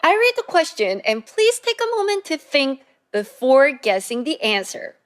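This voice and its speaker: A woman teaching a Korean language lesson, speaking clearly and slowly with repeated pronunciation drills. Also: high voice, big pitch swings.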